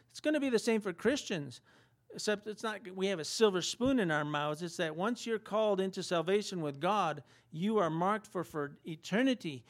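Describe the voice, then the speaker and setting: A man preaching a sermon in a conversational style, asking rhetorical questions and acting out quotes. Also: sits high. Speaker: pastor.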